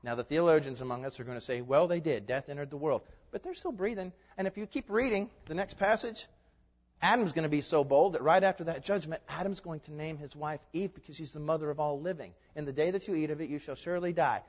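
A man preaching with a somewhat high voice, emphatic and full of rhetorical questions. He swings from forceful declarations to quiet, hushed asides. The sound is dull and lo-fi, with a long reverb trailing in a large hall. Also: fast. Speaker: pastor. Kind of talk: sermon.

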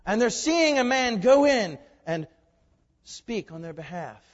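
Male pastor, high voice, preaching with loud peaks and hushed asides, muffled lo-fi sound. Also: sing-song, unhurried. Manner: asks the audience rhetorical questions, swings from loud emphasis to hushed asides. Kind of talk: expository sermon. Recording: reverberant hall, dull lo-fi sound.

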